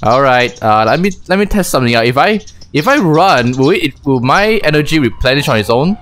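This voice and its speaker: A man's voice: a little high, expressive, a little fast, a bit bright, a little hiss or hum. A man giving chatty, self-mocking let's-play commentary as a gaming YouTuber, thinking aloud.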